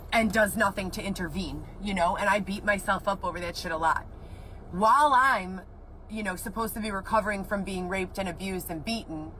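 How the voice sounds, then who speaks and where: A woman's voice: mid-range voice, a bit bright, slight background noise, low-quality recording. A woman telling her own story in an agitated, rambling way, swearing often. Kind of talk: emotional personal account.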